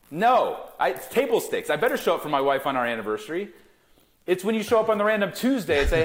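A man's voice: sits high, fast talker. A man in his thirties talking emphatically as a guest in a podcast interview, founder of a gifting company. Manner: emphatic, animated salesman.

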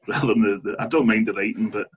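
Husky-voiced Scottish man telling football stories. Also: lowish voice, brisk, poor audio. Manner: chatty anecdotal storyteller, laughs often, many restarts. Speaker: author and guest. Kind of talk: casual interview storytelling.

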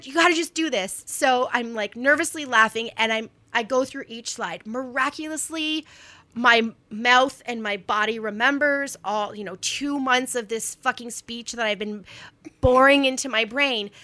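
A middle-aged woman in a casual chat, telling a story in an animated, self-mocking way and swearing freely. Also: high voice. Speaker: guest speaker.

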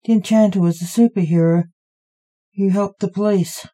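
A woman's voice: mid-range voice, steady tone, normal speed, warm tone, close to an everyday voice. A woman voicing a sceptical male crime boss sharing a prison cell in an audio story, asking one question after another. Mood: quizzical.

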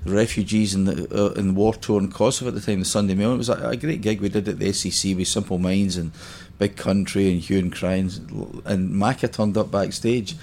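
A man's voice: sits low, steady tone, a little fast, few pauses, a little mellow, a little hiss or hum. A Scottish man in his fifties, chatting on a podcast and telling stories with easy laughter. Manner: chatty storyteller, laughs easily. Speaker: podcast guest. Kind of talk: casual chat.

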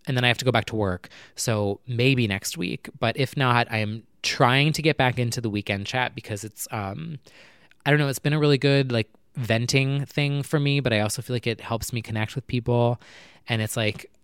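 A man talks through a casual solo podcast episode, wandering from thought to thought with plenty of "like" and "um." His voice is smooth and resonant, recorded close and dry in a quiet room at home. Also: medium pitch, moderate pace, dry recording. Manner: rambling, filler-heavy and self-mocking. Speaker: podcast host.

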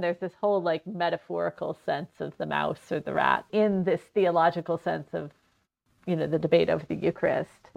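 Gravelly-voiced woman chatting on a podcast. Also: lowish voice, lo-fi sound. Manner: chatty, animated storytelling with many fillers. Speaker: podcast co-host. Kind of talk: casual scholarly chat.

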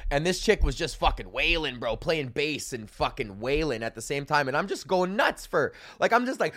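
A young man hosting his own podcast, a stand-up comic who rants in a loose and constantly profane way. His voice sits a little higher than most men's. He keeps slipping into quick acted-out quotes of himself and others. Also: no echo, clean studio sound. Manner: animated, swears constantly, acts out quotes. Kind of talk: casual profane rant.

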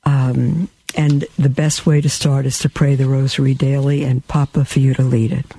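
A man's voice: mid-range voice, flat delivery, normal speed, dark tone, slightly rough. A man earnestly reading quotes aloud and commenting on them to his listeners, with emphatic repetition and occasional fillers. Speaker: Catholic commentator addressing listeners.

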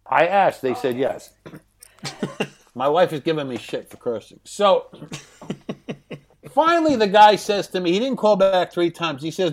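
A man in his sixties, a guest in an interview, telling anecdotes from home in a lively way, often laughing and swearing. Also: fairly high pitch, measured pace, pauses often. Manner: animated, laughing, profane.

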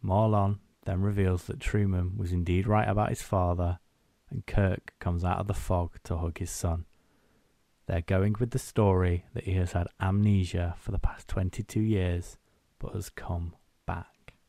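A man's voice: deep voice, flat delivery, a little slow, creaky, mellow, no echo. A man co-hosting a podcast, recapping a film's plot in casual chat and acting out scenes in quoted voices. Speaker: podcast co-host.

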